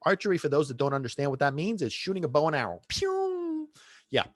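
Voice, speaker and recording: A man's voice: mid-range voice, lively intonation, racing, dry recording. A middle-aged man hosting a podcast, telling a casual story in a rambling way with many restarts and asides. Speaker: podcast host and dog trainer.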